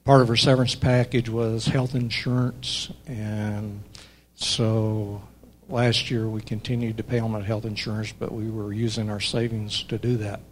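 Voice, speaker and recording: An older man, a church member, giving a personal testimony in an earnest, halting way with many fillers. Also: fairly low pitch, level tone, a little hiss or hum. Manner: earnest, pauses often with fillers. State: emotional, voice breaking.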